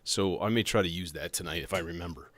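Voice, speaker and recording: Speaking fast in a low, somewhat bright voice, a livestream host chats loosely about modular synths and keeps interrupting himself. Faint synth music can be heard behind him.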